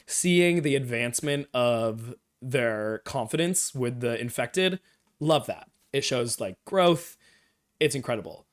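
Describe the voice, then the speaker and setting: A man of ordinary pitch talks through a TV episode on a live stream. His recap is enthusiastic and rambling, and he acts out the characters' lines along the way. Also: expressive, a little slow. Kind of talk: casual show discussion.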